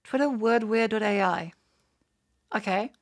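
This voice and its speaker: A woman's voice: mid-range voice, unhurried. A woman with an Australian accent, chatting casually on a livestream and swearing freely. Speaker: streamer.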